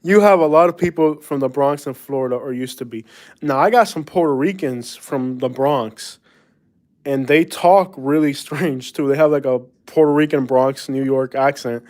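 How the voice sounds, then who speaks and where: A man's voice: mid-range voice, normal speed, a little mellow, no echo. Rambling, chuckling male live streamer. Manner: rambling, chuckling, lots of fillers and slang like "bro". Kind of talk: casual live-stream chat.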